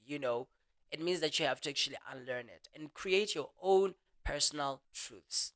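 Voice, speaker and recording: Motivational host, casual reflective monologue, bright clear tone, quick speech with restarts. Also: mid-range voice, lively intonation. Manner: earnest and reflective. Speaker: host of a motivational audio talk.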